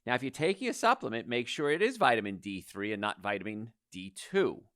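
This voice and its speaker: A man's voice: mid-range voice, expressive, a little fast, fairly bright tone, dry recording, studio quality. A middle-aged man hosting a health talk, giving an informal, emphatic lecture to an audience and repeating his key advice.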